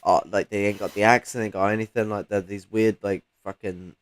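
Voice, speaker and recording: Low-voiced man, meandering chat. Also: level tone, fairly quick, clean tone. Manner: meandering, filler-heavy, swears casually. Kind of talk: casual chat.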